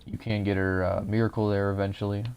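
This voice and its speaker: A young man with a low, gravelly voice talks through a game walkthrough in a relaxed, explanatory way. His voice sounds a little dry. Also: fast. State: voice drying out. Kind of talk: casual gameplay commentary.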